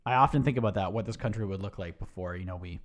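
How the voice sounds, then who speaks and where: A man's voice: fairly low pitch, fast talker. A man co-hosting a casual podcast who chimes in with dry jokes. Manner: dry joking quips. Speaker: podcast co-host. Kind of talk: casual chat.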